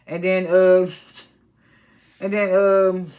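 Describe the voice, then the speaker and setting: A woman's voice: fairly low pitch, flat delivery, very slow, darkish tone. A woman casually recapping a reality TV episode, chatty and slangy, with lots of fillers and exasperated asides.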